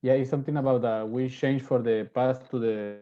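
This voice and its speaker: A student answering the teacher in an English class, halting and searching for words. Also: medium pitch, steady tone, mellow, dull audio.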